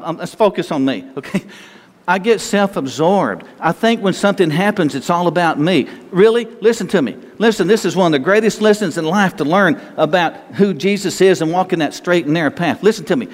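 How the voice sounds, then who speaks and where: High-voiced man preaching in a reverberant hall. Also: brisk. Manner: folksy, conversational preaching with stammered restarts. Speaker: pastor. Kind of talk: sermon.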